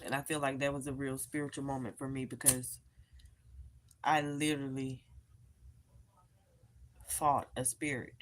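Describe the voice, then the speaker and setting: A woman with a low, deep voice talks to her live-stream viewers from home. She tells her story in an emphatic, animated way and calls her audience y'all. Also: unhurried, pauses often, a little hiss or hum. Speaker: live-streamer and tarot reader.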